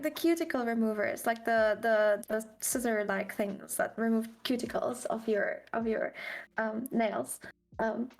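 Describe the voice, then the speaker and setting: Giggly woman from Germany, higher-pitched. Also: vocal fry. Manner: giggly, storytelling, reassuring. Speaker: co-streamer. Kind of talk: casual chat on a livestream.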